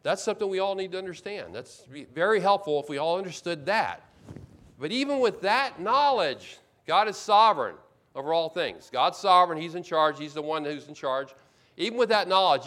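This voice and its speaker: A man's voice: fairly high pitch, expressive, normal speed, a bit bright. A man preaching a sermon as pastor, explaining scripture with emphatic repetition and acting out complaints in first person.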